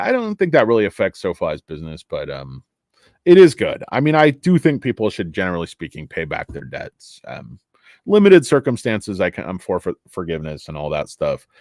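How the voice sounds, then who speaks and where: A man's voice: fairly low pitch, darkish tone, no room sound, studio quality. A man hosting a casual stock livestream, rambling, joking and swearing as he reads viewer comments aloud.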